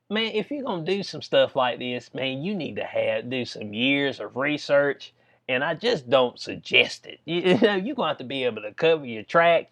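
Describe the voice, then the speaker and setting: A man's voice: mid-range voice, fairly bright tone. A man, casually reading out a news story and joking about it in a loose commentary vlog. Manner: reads news aloud, then jokes and riffs with frequent laughs. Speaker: commentary vlogger.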